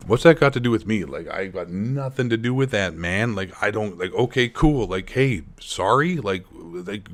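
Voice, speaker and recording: A man's voice: fairly low pitch, animated, moderate pace, few pauses. A young man hosting a sarcastic commentary vlog, rambling with joking asides. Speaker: gaming commentary channel host.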